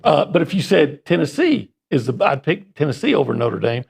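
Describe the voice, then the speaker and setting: Male sports radio co-host, rough husky voice, jokey and rambling. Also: fairly high pitch, sing-song, brisk. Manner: joking, rambling, playful. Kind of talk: casual sports talk banter.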